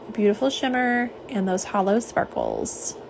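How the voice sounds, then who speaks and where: A young woman chats on a live stream, rambling through asides and fillers. Her voice sits in a middle pitch, with a faint hiss of noise behind it. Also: wildly swooping pitch, moderate pace, vocal fry. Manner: chatty and warm, lots of fillers and asides. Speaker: nail polish swatcher. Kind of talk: live-stream chat, reading viewer comments. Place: home office.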